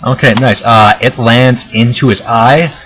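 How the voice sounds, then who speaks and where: A man as game master, explaining rules in a relaxed way with many fillers. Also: medium pitch, measured pace, a little hiss or hum, low-quality recording. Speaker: dungeon master. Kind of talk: running a tabletop game.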